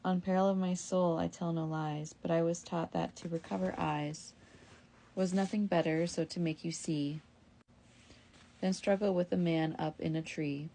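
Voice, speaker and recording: A woman reading the lines of a sly, quick-tongued young wife in a storybook reading. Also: lowish voice, steady tone, warm tone. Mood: persuasive. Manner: pleading then brisk and self-justifying.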